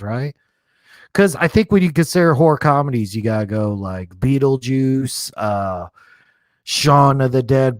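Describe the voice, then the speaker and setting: A man's voice: mid-range voice, a little mellow, no echo. A young adult man casually chatting and rambling as he hosts a live stream, laughing often.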